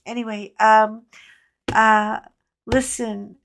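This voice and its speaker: Slow-talking stuffy woman crafter. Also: a little high, little pitch movement, fairly bright tone, rough recording. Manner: chatty, self-deprecating, talks to viewers. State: stuffy with sinus trouble. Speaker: craft video host. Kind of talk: casual unboxing chat.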